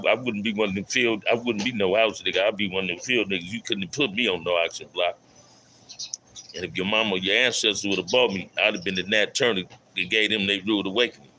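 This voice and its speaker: Low-voiced middle-aged guy on a livestream, bright punchy tone, repeats stuff, shouts out chat in slang. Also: slight background noise, rough recording. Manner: loose street slang, repeats phrases, calls out viewers. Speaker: livestream host. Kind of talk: casual live stream talk reading chat.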